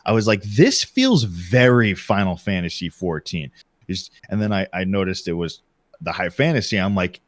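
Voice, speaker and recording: A man chatting on a podcast, retelling his reactions in an animated way and acting out what he thought. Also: sits low, moderate pace, no echo. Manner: animated storytelling, acts out his own reactions. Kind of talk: casual podcast chat.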